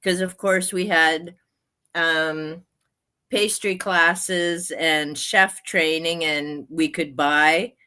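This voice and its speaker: A woman in her sixties hosting a livestream, chatting casually and laughing often in a slow, drawn-out way. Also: low voice, steady tone, sharp tone, clear, resonant tone. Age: 60s. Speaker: livestream host. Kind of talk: casual chat.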